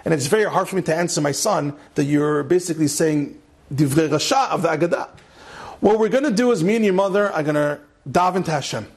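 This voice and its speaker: Rabbi, male, higher register, animated storyteller who repeats phrases for effect. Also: fast talker, breathy edge. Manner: mixes Hebrew and Yiddish terms into English. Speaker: rabbi giving a Torah class. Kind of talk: storytelling Torah lecture.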